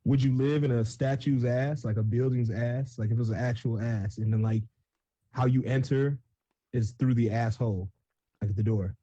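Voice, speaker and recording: A man's voice: mid-range voice, steady tone, normal speed, warm tone, dry recording, muffled recording. A man co-hosting a casual gaming chat, rambling and joking with lots of filler words. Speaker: co-host.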